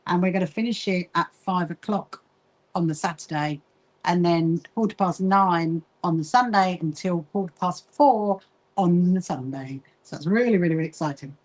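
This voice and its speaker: A woman's voice: lowish voice, moderate pace, darkish tone, rough recording. A middle-aged woman hosting a casual sewing livestream, chatting, greeting viewers by name and getting easily distracted. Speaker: livestream host, quilting association founder.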